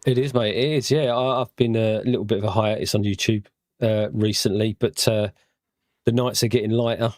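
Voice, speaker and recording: A man as a guest on a fan chat show, speaking thoughtfully with frequent fillers and pauses. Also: fairly low pitch, fairly even intonation, a little mellow, no echo, clean studio sound. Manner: thoughtful, halting with fillers, sighs.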